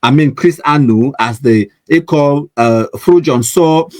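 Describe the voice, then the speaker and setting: A man's voice: fairly high pitch, unhurried, darkish tone, dry recording. Chatty Cameroonian man reading viewer comments. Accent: Cameroonian English with Pidgin. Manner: chatty and teasing, laughs often, reads viewer comments aloud. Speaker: online news show host. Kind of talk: casual live-stream comment reading.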